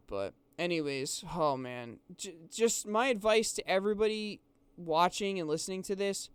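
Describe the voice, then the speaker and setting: A man's voice: fairly high pitch, clear, resonant tone, no echo. A young man telling a rambling story, exasperated and restarting his sentences often. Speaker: vlogger. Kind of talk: casual storytelling.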